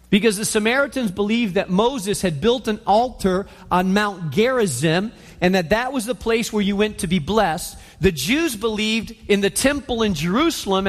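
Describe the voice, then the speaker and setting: High-voiced man preaching. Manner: animated storytelling, conversational. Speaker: pastor. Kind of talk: sermon. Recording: long reverb.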